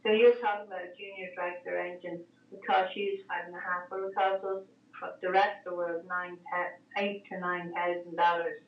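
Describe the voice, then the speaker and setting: A woman with an Irish accent chats at length as a guest, winding through her story with plenty of ums and uhs. Her voice sits fairly low and comes from a distance in a roomy space, with a dull, muffled line. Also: level tone, normal speed, slight background noise. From Ireland. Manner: rambling storyteller, many fillers. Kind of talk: casual chat on a call-in show.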